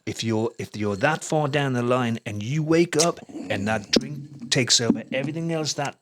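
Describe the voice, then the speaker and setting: A man's voice: mid-range voice, normal speed, a little hiss or hum. A man with a Geordie English accent, a guest musician chatting casually in an interview, rambling off on tangents and laughing often. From England.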